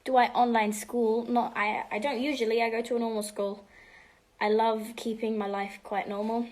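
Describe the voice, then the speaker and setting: A teenage girl answering fan questions on a home livestream, chatting casually and switching between English and Spanish, sometimes dropping to a soft half-whisper. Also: a little high, level tone, moderate pace. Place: home room.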